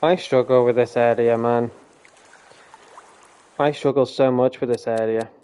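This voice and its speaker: A man's voice: mid-range voice, steady tone, a little slow, mellow, clean tone. A young man streaming a game, rambling casually with self-deprecating laughs. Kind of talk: casual live gameplay chat.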